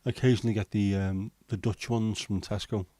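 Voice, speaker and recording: A middle-aged man, hosting a relaxed livestream and chatting with viewers in a jokey, rambling way. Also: lowish voice, fairly quick, no room sound. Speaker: livestream host. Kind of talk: casual chat reading viewer comments.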